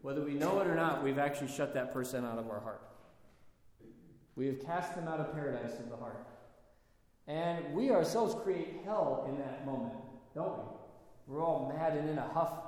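A man preaching a sermon, his fairly high voice ringing through a large hall with a long, echoing reverb. He talks to his listeners like a storyteller and keeps asking them rhetorical questions. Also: normal speed, a little mellow. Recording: echoey hall.

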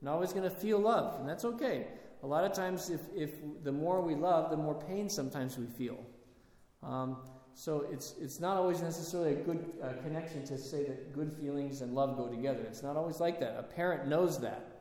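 A man giving a sermon, telling stories in a halting, conversational way with many restarts. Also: a little high, a little mellow. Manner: storytelling, halting with restarts and fillers. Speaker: preacher. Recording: echoey hall with long reverb.

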